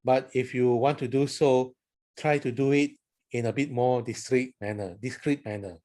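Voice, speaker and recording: A man who is a priest, explaining how to chant psalms in a slow, careful teaching style. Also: medium pitch, steady tone, darkish tone. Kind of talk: instructional talk with sung chant examples.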